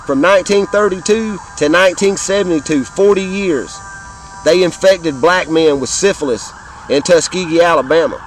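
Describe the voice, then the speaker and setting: A man in his fifties with a thick Southern drawl speaks outdoors in an impassioned, rambling monologue. He swears freely and stumbles over repeated words. His voice sits a little higher than most men's. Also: normal speed, a little hiss or hum, low-quality recording. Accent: Southern American. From Southern United States. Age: 50s. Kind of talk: casual monologue to camera.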